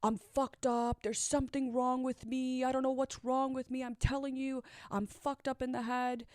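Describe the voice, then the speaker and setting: A woman's voice: high-pitched, flat delivery, moderate pace, darkish tone, no room sound, voice pushed up, lightly acted. A woman playing a young man falling apart, his voice strained upward and pleading. He blames himself in a breaking tone, heard close and dry. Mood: despairing. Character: sobbing, self-loathing young man.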